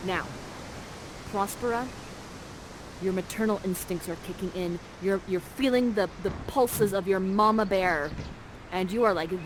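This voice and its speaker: A woman's voice: medium pitch, normal speed, background noise. A woman guiding players through an interactive play, upbeat and teasing, speaking into a headset mic. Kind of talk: playful stage direction.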